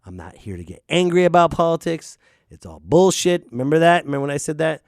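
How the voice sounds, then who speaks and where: A man hosting a solo podcast, ranting in an animated, jokey way. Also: on the high side, fast, no echo, studio quality. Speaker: podcast host. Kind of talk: casual solo podcast rant.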